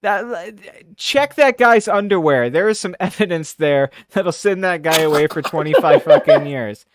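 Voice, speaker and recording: A man's voice: high voice, expressive, normal speed. A man co-hosting a podcast, ranting crudely and profanely in casual chat. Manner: crude, profane, rambling rants. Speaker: podcast co-host.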